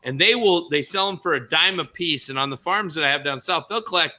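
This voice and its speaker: Brief: man, casual podcast host, slightly high voice with a very bright, sharp edge, rambling and emphatic. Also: animated, brisk. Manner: rambling, emphatic storyteller who curses freely. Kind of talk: casual storytelling chat.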